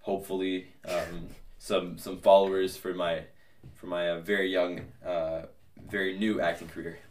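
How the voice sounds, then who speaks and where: A man's voice: sits low, level tone, moderate pace, darkish tone, reverberant, distant mic, a little hiss or hum. A young man as a podcast guest, chatting casually in a rambling, hesitant way with many fillers and restarts. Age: young adult. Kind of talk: casual interview chat.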